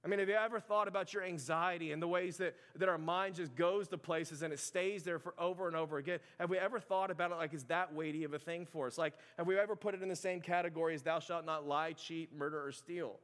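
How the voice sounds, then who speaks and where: High-voiced conversational male preacher. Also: fairly even intonation, fast, few pauses, a bit bright, long reverb tail. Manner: conversational preaching, many "like" and "right" fillers. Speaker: pastor. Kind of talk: sermon.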